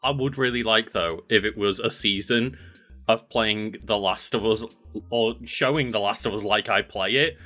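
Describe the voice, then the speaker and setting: Bright-voiced joking male co-host. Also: lowish voice, moderate pace, faint music behind. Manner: joking, laid-back banter. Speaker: podcast co-host. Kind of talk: casual chat.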